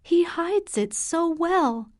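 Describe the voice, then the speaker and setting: A woman's voice: very high-pitched, animated, slow, voice pushed up, exaggerated voice. A woman voicing a poor, loyal mother of five who speaks hesitantly and defensively in an audiobook.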